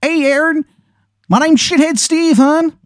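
Man doing a shady high-pitched guy, awful Maryland accent, calls everyone hun. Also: steady tone, unhurried, dry recording, clean studio sound. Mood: wheedling. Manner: high squeaky drawl, ends lines with "hun".

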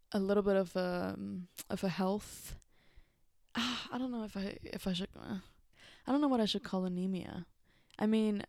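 Young woman podcast host from Mexico, lowish smooth voice, loose and rambling, dry close-mic sound. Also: darkish tone, no room sound. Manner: rambling, many fillers and restarts. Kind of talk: casual reflective monologue.

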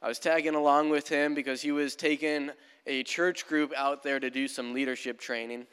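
A man's voice: fairly high pitch, steady tone, normal speed, a bit bright, clean tone. A young male pastor preaching a sermon in a casual, storytelling manner in a church. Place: church sanctuary. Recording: long church hall reverb.

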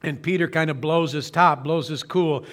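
High-voiced male pastor preaching earnestly. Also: steady tone, a bit bright. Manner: earnest preaching with slow emphatic phrasing and occasional restarts. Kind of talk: sermon. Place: church streaming service.

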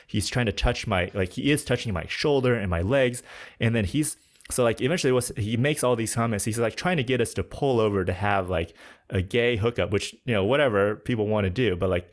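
A young man telling hiking stories as a podcast guest in a casual, animated way, filling his talk with "like". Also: on the low side, a little fast. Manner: animated, heavy use of filler "like". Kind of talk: casual storytelling.

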